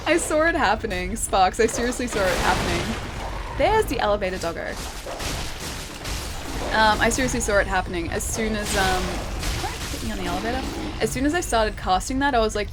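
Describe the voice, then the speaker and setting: A woman's voice: fairly high pitch, lively intonation, moderate pace, pauses often, noisy background. A young Australian woman with a city accent, chatting casually and giggling while she streams a game and reads her chat aloud. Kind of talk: casual livestream commentary. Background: game music.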